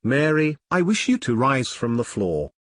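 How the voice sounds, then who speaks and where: A man playing a husky, menacing seducer. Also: huge pitch swings, unhurried, dry recording, clean studio sound. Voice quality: husky, low.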